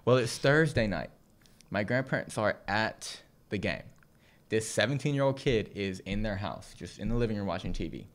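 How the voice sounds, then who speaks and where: A man's voice: fairly low pitch, lively intonation, normal speed. Young male podcast co-host, storyteller who laughs and acts out his characters, from Southern California. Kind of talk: casual storytelling.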